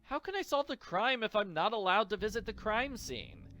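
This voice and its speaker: A man voicing a cheerful, naive teenage girl detective in a high, girlish voice. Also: huge pitch swings, a little slow. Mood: protesting.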